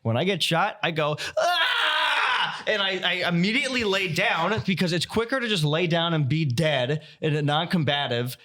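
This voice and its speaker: A man co-hosting a casual podcast, telling lively stories, acting out his own yells and laughing often. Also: on the high side, brisk, hardly any pauses. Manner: animated storyteller, acts out yells and laughs often. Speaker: podcast co-host.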